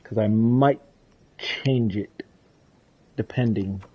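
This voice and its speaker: A man's voice: on the low side, takes it slowly, warm tone, breathy edge. A man livestreaming a dinosaur game, chatting casually with viewers and teammates as he plays. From not from the countryside. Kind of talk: casual gaming commentary.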